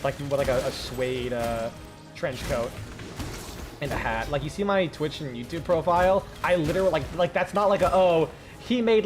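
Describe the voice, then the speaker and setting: A young man with a light Southern US accent, chatting casually while streaming a game, rambling, swearing and restarting his sentences. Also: fairly high pitch. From American South. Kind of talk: casual gameplay commentary.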